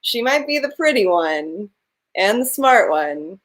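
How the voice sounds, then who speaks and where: A woman's voice: mid-range voice, big pitch swings, unhurried, a bit bright. A woman hosting a comedy show, chatting casually after a set. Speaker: show host. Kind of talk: casual chat.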